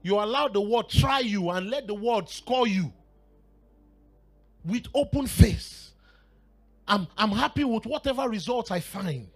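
A man preaching a sermon with fervor, dropping to a hush and then rising to shouts and half-sung phrases, sometimes speaking in tongues. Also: sits high, animated, unhurried, long pauses. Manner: fervent, swings from hushed to shouting and half-singing.

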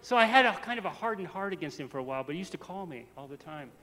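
Male preacher, folksy and earnest, slightly high and bright, echoing through a large hall. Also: animated, racing, slight background noise. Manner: folksy, earnest, laughs at own jokes. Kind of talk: storytelling sermon. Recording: long hall reverb, faint ambience.

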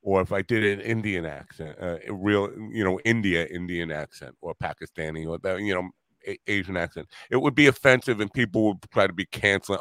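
A man's voice: low voice, a little fast, a bit bright, dry recording. A man hosting a casual podcast chat, rambling and joking about what people can and cannot say. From Italian-American family. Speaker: podcast host.

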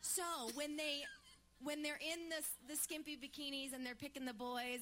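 A woman in her thirties co-hosting a live podcast on stage, chatty and animated. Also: high voice, normal speed, slight background noise. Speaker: podcast co-host. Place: theater stage before a live audience.

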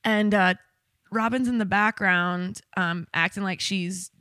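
Bright-voiced woman telling candid stories. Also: medium pitch, fairly even intonation, a little slow, no room sound, clean studio sound. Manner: candid, bawdy storytelling with frequent laughter. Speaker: podcast co-host. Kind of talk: casual chat.

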